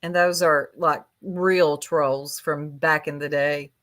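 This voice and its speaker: A woman's voice: deep voice, fairly even intonation, slow, fairly bright tone. A woman in casual livestream chat, gossiping in a chatty, catty, drawling way.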